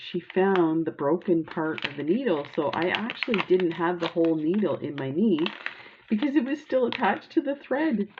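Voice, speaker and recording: A woman's voice: low voice, lo-fi sound, a little hiss or hum. A woman chatting casually while showing off craft supplies, rambling into a childhood story and gushing over sparkle. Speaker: crafting vlogger.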